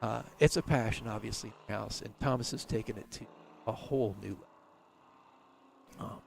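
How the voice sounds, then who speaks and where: A man's voice: on the low side, brisk, vocal fry, slight background noise. A middle-aged man telling a rambling story in a casual interview, full of fillers and restarts. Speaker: race team owner, interview guest.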